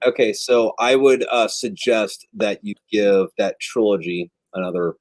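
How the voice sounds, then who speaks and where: A man's voice: on the low side, a little slow, dry recording. A man in casual chat, telling long rambling stories and swearing freely. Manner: rambling, profane storytelling.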